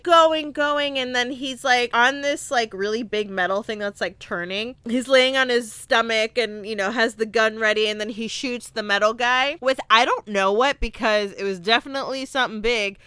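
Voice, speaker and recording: A young woman hosts a casual podcast, recapping a film with lively emotion and plenty of fillers. Her voice is bright and smooth, and her pitch sits a bit high. The recording is close and dry. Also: no room sound. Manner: animated, emotional, filler-heavy retelling with laughs. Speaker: podcast host.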